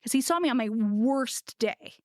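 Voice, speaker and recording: Animated woman telling a story, dry mic. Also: a little high, moderate pace, no room sound. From United States. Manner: animated, laughing, acts out quoted voices. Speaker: guest ceramicist. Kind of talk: casual storytelling interview.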